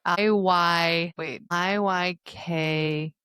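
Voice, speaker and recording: Woman in her thirties, podcast co-host, fairly low voice, dry close mic, wry deadpan chat. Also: very slow, clean tone, dry recording. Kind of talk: casual chat.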